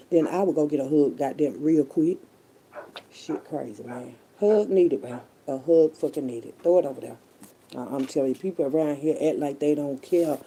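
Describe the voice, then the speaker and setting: A woman's voice: deep voice, gravelly, warm tone, breathy edge. A woman vlogger in a profane, rambling monologue rant, repeating herself and calling listeners baby and child.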